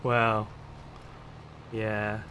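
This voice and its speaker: A man's voice: fairly low pitch, completely flat delivery, extremely slow, bright, forceful tone. A man from Hampshire chatting casually while streaming a game, laughing often and greeting viewers. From Hampshire, England. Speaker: livestreamer. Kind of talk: casual gameplay chat. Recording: clear game noise behind.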